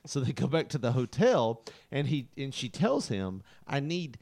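A man's voice: medium pitch, normal speed, creaky. A man co-hosting a casual comedy chat, retelling a story and laughing often. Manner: laughs constantly, animated storytelling.

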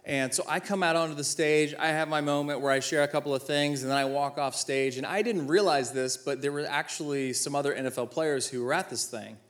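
A slightly high, somewhat bright male voice comes through briskly, barely pausing. The speaker, an ex-football player in his thirties, tells his life stories in an inspirational talk, mocking himself and voicing each character's lines.

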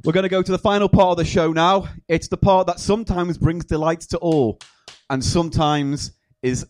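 A man's voice: on the high side, fairly even intonation, normal speed, a little mellow, no room sound. Man hosting a comedy podcast. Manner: playful, rambling, self-mocking. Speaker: podcast host. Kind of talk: casual comedy podcast chat.

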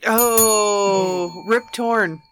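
A woman co-hosts a radio show, reading odd news stories and breaking into giggles. Her voice sits at an ordinary pitch. Faint background noise is heard under her voice. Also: very slow. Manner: giggly, reads then comments.

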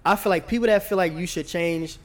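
A man's voice: high voice, a little fast. A man hosting a podcast, a comedian talking in a laid-back casual way and often checking in with the listener. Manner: laid-back, repeats "you know what I'm saying". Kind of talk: casual chat.

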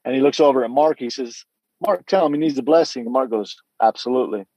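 A man's voice: mid-range voice, quick pace, dark tone, dry recording, highs cut off. A middle-aged man giving a candid personal testimony, telling his story earnestly with frequent restarts and quoted dialogue.

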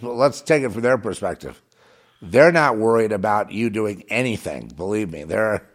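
A man delivering a rambling political monologue, halting and restarting, swinging from muttering to agitated outbursts. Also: lowish voice. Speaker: commentator.

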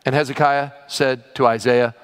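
A man's voice: medium pitch, steady tone, normal speed, clean tone. A man pastor preaching a sermon in a conversational way with sudden exclamations, heard in a large church hall. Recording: reverberant hall.

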